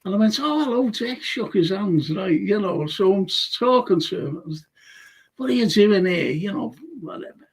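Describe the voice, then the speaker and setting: An older male host tells a rambling story full of "you know"s. His voice sits high, with a gravelly, husky edge. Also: normal speed. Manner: rambling anecdotes with many fillers. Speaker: show host. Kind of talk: casual chat, storytelling.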